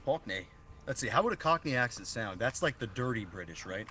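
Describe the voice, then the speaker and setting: A man's voice: mid-range voice, animated, a little fast, a crowd in the background. A man co-hosting a podcast in a loose, joking chat, often laughing and restarting his sentences. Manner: loose and joking, swears freely. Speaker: podcast co-host. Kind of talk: casual chat.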